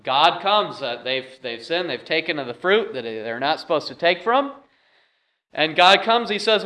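A man's voice: a little high, sing-song, moderate pace, pushed and bright. Man preaching a conversational sermon. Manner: conversational preaching with many "uh" fillers. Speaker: pastor.

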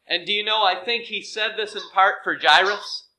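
A man preaching a sermon, earnest and measured, dropping to soft, hushed phrases for emphasis. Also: high-pitched, poor audio. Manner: slow, earnest, with dramatic soft drops.

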